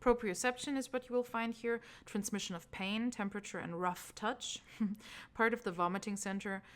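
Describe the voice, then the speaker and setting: A trauma healing instructor delivers a recorded course lecture on brain anatomy in a relaxed teaching voice of medium pitch and moderate pace. She's casual and chatty, laughing at her own slips.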